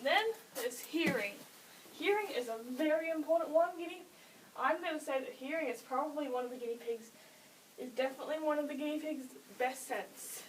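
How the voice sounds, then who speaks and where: A woman's voice: high-pitched, a little fast, far from the mic, a little hiss or hum, low-quality recording. A teenage girl casually explaining how to train pets, rambling, interrupting herself and giggling between points. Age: late teens. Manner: chatty, self-interrupting, giggly asides. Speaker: vlogger explaining pet training.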